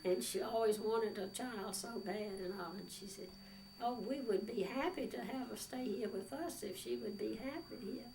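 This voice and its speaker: An older woman telling a rambling, folksy story about her past, with frequent pauses and fillers. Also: on the high side, creaky. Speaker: oral history interviewee. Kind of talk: storytelling reminiscence. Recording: distant mic with faint background noise.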